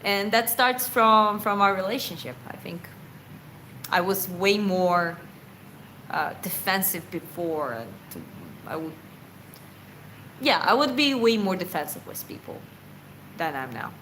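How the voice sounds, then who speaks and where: Woman boxer, casual livestream Q&A: earnest, rambling and self-correcting, quick to laugh, mid pitch, faint rumble behind. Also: lively intonation, sharp tone, poor audio. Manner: earnest, reflective. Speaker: boxer answering viewer questions.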